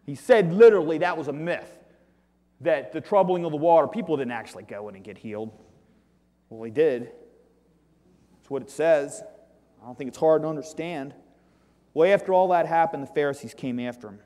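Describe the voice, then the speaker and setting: High-voiced preacher in a reverberant hall. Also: male voice, a little fast, long pauses. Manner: reads scripture in King James wording, swings between loud declaiming and quiet asides. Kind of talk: sermon.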